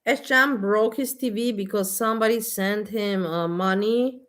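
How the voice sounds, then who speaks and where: A woman's voice: medium pitch, measured pace, a bit bright. A woman vlogger with a delivery holds forth in a casual, exasperated rant. She is blunt and keeps repeating herself, in an everyday mid-range voice. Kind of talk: casual ranting monologue.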